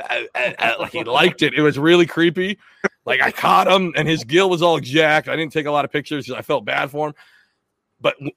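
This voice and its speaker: Bright gravelly man telling fishing stories. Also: medium pitch, no echo. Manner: rambling storyteller with laughs and restarts. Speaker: podcast host. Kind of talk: casual fishing chat.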